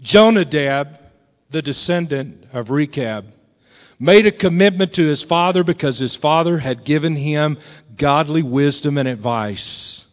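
Folksy preacher man in a reverberant hall. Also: measured pace. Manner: folksy and animated, swings between loud bursts and low, quiet lines. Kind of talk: storytelling sermon. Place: church sanctuary. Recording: long reverb of a large hall.

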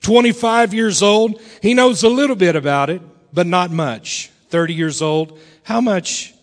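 A middle-aged preacher man telling stories from the pulpit, his voice sitting a bit higher than most men's. He is folksy and animated, dropping low and quiet, then jumping up loud. The sound carries a long reverb from a large church hall. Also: moderate pace. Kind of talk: storytelling sermon. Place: church sanctuary.

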